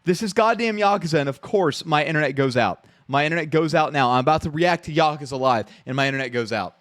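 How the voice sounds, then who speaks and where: A man's voice: medium pitch, fast talker, a bit bright, dry recording, studio quality. A man streaming from home, reacting live in a rambling, profane way and repeating himself when worked up.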